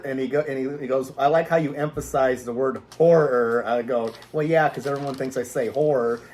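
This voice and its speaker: A man's voice: medium pitch, fairly even intonation, quick pace, darkish tone. Laid-back man giving short replies. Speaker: podcast co-host. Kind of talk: casual chat.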